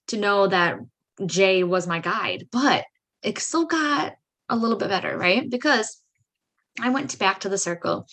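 A woman hosting a podcast who tells a personal story in a chatty way. She says "like" and "right?" a lot and acts out her own excited reactions. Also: medium pitch. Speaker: podcast host.

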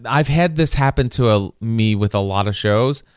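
A man with a lowish, smooth voice rambles through a relaxed conversation, often restarting his sentences. The sound is close and dry, with no room around it. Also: moderate pace, no echo. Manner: rambling, many restarts and repeated words. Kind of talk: casual chat.

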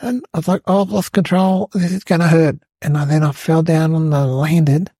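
A man voicing an excitable, rambling young schoolboy, telling a comedic story. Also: on the high side, fairly quick, slightly rough, no echo. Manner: breathless rambling storyteller, lots of "like" and "guys".

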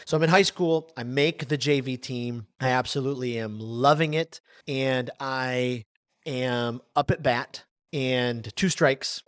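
Male podcast host, 40s, lively storytelling delivery, dry sound. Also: medium pitch, dry recording. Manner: animated storyteller, lively swings in loudness.

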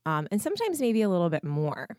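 A woman coach talks through listener questions on her podcast, her voice deep and froggy with hoarseness. She is candid and loose, with frequent likes and ums and the odd swear. The sound is close and dry, with no room around it. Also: huge pitch swings, fast, darkish tone, no echo. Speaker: podcast host and weight loss coach. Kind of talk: casual answers to listener questions.

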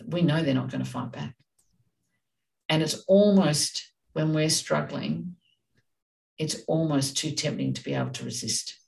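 Woman co-host, gravelly and direct, passionate delivery, off-mic sound. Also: deep voice, unhurried, long pauses, darkish tone, recorded from a distance, poor audio. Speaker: parenting podcast co-host. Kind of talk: casual discussion.

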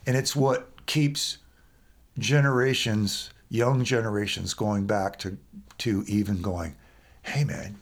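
A man, a musician guest, chatting on a podcast and telling animated stories about recording. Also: lowish voice, takes it slowly. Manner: animated storyteller, acts out quoted voices. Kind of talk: casual podcast conversation.

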